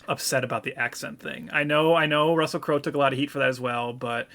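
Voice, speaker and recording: A man co-hosting a film podcast, talking in a casual, animated way with lots of "like". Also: mid-range voice, fast, gravelly. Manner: animated, laughing, many "like"s. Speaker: podcast co-host. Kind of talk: casual chat.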